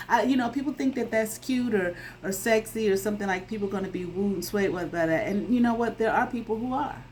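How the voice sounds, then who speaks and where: A woman's voice: mid-range voice, animated, a little fast, hardly any pauses, a little mellow, slight background noise, low-quality recording. A woman giving a casual tarot reading to her viewers. She talks bluntly, swears freely and keeps checking in with "okay?". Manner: emphatic, checks in with frequent "okay?". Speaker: tarot reader.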